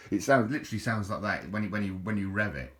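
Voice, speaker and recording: A man's voice: fairly low pitch, lively intonation, quick pace, a bit bright. A middle-aged man, rambling in a casual, jokey video monologue with frequent restarts. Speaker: vlogger.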